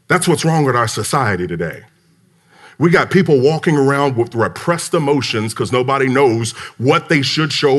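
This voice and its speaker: A man delivers a motivational talk on leadership to a conference crowd. He tells his stories with animated emphasis and plays out each side of the conversations himself, letting his voice climb high and drop low. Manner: animated storyteller, acts out dialogue, emphatic. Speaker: business speaker. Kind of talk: motivational talk to a live audience. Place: conference hall.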